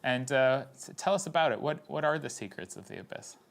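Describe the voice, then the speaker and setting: A Canadian-accented man hosts a live broadcast desk with playful, teasing banter. He restarts his sentences often as he steers the chat. His voice sits at an ordinary middle pitch. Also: animated, brisk, gravelly. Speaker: tournament desk host.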